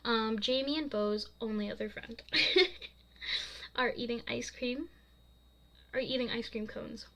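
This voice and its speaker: A young woman reading the first chapter of her own novel aloud. Her delivery is soft and casual, and she laughs off her own slips. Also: on the high side, slow, long pauses, low-quality recording. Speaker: author.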